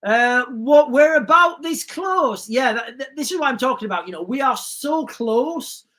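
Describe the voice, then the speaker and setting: A man's voice: extremely high pitch, normal speed. A man hosting a casual livestream, reading viewer comments and rambling with frequent restarts. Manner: rambling, restarts often, animated asides. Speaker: livestream host.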